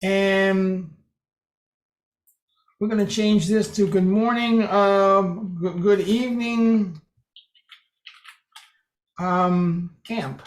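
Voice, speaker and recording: Chatty high-voiced man in a roomy space. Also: fairly even intonation, very slow, long pauses. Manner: chatty, dry humor, mimics phrases. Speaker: presenter demonstrating speech software. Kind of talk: casual group meeting talk. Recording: roomy echo.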